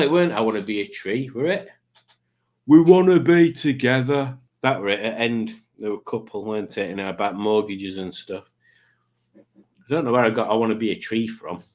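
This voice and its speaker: Rambling man streaming live. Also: on the low side. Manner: rambling, jokey, waffling with many restarts. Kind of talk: casual live-stream chat, reading viewer comments.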